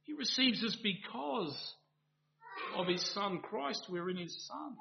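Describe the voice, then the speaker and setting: A man delivers an earnest evening sermon, piling up emphatic rhetorical questions. His voice sits high and moves through a wide, lively range. The recording is dull and lo-fi. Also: slow, creaky, a little hiss or hum. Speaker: preacher.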